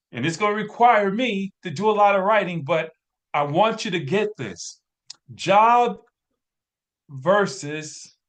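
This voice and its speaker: A man with a fairly high voice leads a motivational business training session. He talks slowly and deliberately, with energetic, preachy emphasis, as he works at his computer and sketches on the screen. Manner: energetic, preachy, drawing on a screen while talking. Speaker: business coach.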